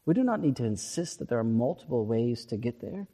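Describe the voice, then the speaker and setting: A man's voice: mid-range voice, big pitch swings, brisk, mellow. A male pastor giving an emphatic, earnest sermon and repeating words for stress. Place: church sanctuary. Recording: long reverb of a church sanctuary.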